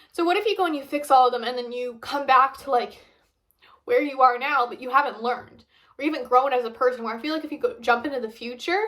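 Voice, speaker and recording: A woman's voice: sits high, a bit bright. A young woman vlogging casually, rambling chattily with lots of fillers while reviewing food.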